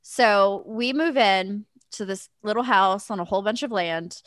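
A woman's voice: mid-range voice, a little slow, dry recording, clean studio sound. A woman in her thirties from the Kansas City area, telling a story in casual chat with plenty of swearing. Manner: profane, animated storyteller.

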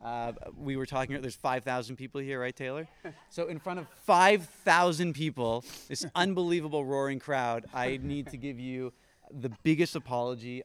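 Animated laughing man, smooth voice. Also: mid-range voice, normal speed. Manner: animated, apologetic, laughs often. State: tired from no sleep. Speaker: podcast host. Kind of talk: casual live chat. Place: live event at a camp.

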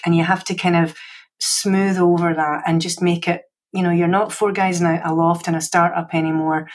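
Husky Scottish woman, chatty guest. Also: lowish voice. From Scotland. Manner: chatty, self-deprecating, frequent restarts. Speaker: guest, security executive. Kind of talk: casual podcast conversation. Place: home library.

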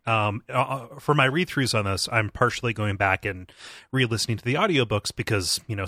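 A man's voice: on the low side, pushed and bright, no room sound, clean studio sound. A man hosting a casual book-discussion podcast, explaining at length with lots of fillers. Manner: rambling, filler-heavy explaining. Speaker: podcast host.

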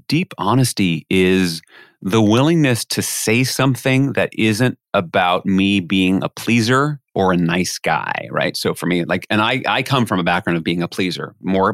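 A man's voice: deep voice, moderate pace, no room sound, studio quality. A man, a podcast guest, telling a story in a conversational way and acting out the voices of the people he quotes. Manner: animated, acts out quoted voices.

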